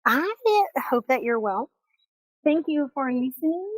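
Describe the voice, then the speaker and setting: A woman's voice: high-pitched, lively intonation, a little slow, no echo, low-quality recording. A woman hosting a solo podcast, talking in a chatty, upbeat, encouraging way close to the mic. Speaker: podcast host. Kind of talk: casual solo podcast talk. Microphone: close mic, recorded on video.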